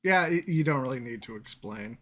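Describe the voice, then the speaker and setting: Bright-voiced man running a tabletop game. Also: medium pitch, lively intonation, brisk. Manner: chatty, laughs often while narrating. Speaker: game master.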